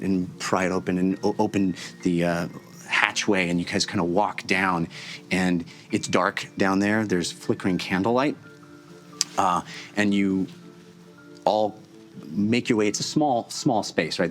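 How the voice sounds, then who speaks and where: A man narrating a tabletop game as game master, descriptive and halting. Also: low-pitched. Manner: halting, descriptive, many fillers and restarts.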